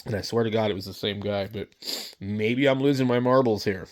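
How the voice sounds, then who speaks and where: Blunt rambling man with a low voice. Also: brisk. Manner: blunt, rambling, lots of fillers. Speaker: vlogger. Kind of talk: casual storytelling rant to camera.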